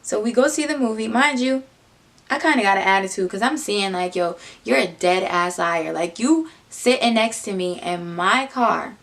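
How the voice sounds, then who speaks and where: A young woman telling a casual personal story, animated, dropping into low muttered asides. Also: normal speed. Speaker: vlogger.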